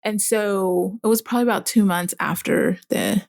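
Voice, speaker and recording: A woman's voice: mid-range voice, moderate pace, gravelly, darkish tone, dry recording, clean studio sound. A young woman, a mother, speaking candidly in casual conversation with many fillers. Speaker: guest.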